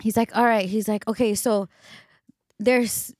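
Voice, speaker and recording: A woman's voice: medium pitch, measured pace, dry recording, clean studio sound. A young woman with a Los Angeles accent, co-hosting a podcast and telling a story in casual chat, quoting people as she goes. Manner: animated storyteller, quotes others, many fillers. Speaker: podcast co-host.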